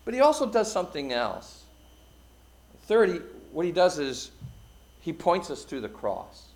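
A middle-aged male pastor preaching a sermon, his delivery swelling loud and then dropping to a hush. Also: on the high side, huge pitch swings, measured pace.

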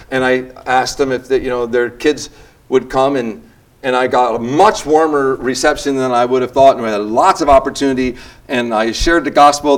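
An older man with a mid-range voice leads a church group session. His talk is casual and rambling, full of restarts and jokes at his own expense.

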